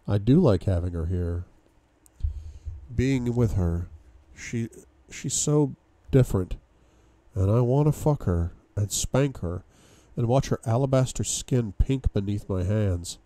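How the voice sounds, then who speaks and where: A man's voice: on the low side, expressive, takes it slowly, warm tone, dry recording. A man reading a novel aloud for a book club, giving a dramatic first-person reading with sudden outbursts.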